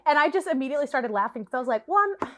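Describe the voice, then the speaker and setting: A woman in her late twenties giving a sarcastic, animated product review rant, acting out quotes. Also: high-pitched, rapid-fire. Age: late 20s. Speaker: vlogger.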